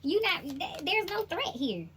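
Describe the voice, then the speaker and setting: Young woman, tarot reader, animated, slangy, high voice, lively pitch. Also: measured pace, background noise. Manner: animated, laughs often, slangy. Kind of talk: casual spiritual reading.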